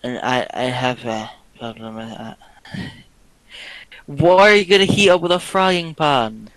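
A man's voice: medium pitch, unhurried, a bit bright, no echo, rough recording. A young man with a Scottish accent, chatting casually in a wry, teasing and blunt way. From Scotland. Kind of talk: casual chat.

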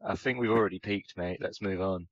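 A man's voice: deep voice, brisk, no room sound. A man co-hosting a podcast in casual chat, teasing and jokey. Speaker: podcast co-host. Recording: dull lo-fi sound with music behind.

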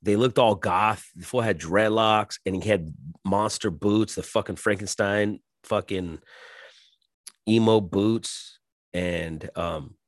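A man's voice: on the low side, slow, dry recording, studio quality. Crude, rambling man in his forties. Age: 40s. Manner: crude, rambling, swears constantly, mimics voices mid-story. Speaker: podcast host. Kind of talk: casual profane monologue.

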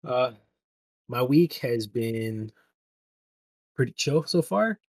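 A young man in relaxed, slangy casual chat. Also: medium pitch, slow, dry recording, clean studio sound. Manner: laid-back, slangy.

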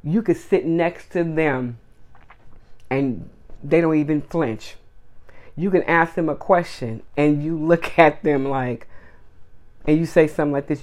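A woman's voice: sits low, measured pace. Woman doing a solo opinion podcast, blunt and emphatic, piles up repeated words. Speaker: podcast host.

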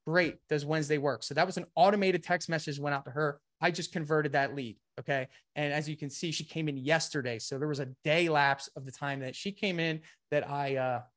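Man, somewhat high voice, energetic webinar presenter, slightly winded, coaching style. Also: a little fast, hardly any pauses. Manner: energetic, repeats "okay" and "guys". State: a bit winded. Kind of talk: live webinar sales presentation.

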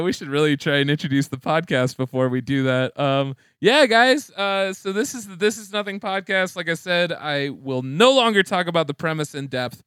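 A young man co-hosting a casual comedy podcast, rambling and excitable, laughing often. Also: fairly high pitch, smooth, dry recording, clean studio sound. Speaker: podcast co-host.

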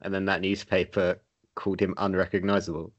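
A man's voice: low voice, level tone, a little fast, dull audio. A man co-hosting a podcast, chatting casually and joking with frequent laughs. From United Kingdom. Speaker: podcast co-host. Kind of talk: casual chat.

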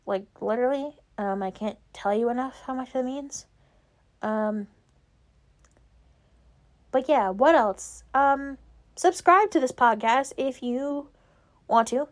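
A woman's voice: sits high, slow, long pauses. Rambling young woman podcaster. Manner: rambling, filler-heavy, frequent "like" and "um". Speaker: podcast host. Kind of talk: casual solo podcast chat.

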